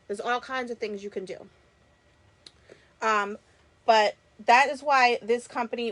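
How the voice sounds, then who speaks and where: A woman's voice: on the high side, fairly bright tone. Chatty woman with a Boston accent. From Massachusetts. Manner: chatty and enthusiastic, talks to viewers while working. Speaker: crafter hosting a live stream. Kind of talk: live craft demo chat.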